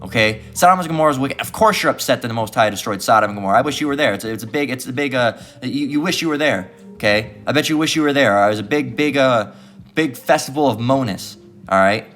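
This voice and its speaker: Nearly every phrase this man speaks ends with "all right" as he preaches and reads scripture in heated, profane street-style religious teaching, mocking his opponents' voices. His medium-pitched, slightly bright voice has lively intonation and a quick pace, with soft music in the background.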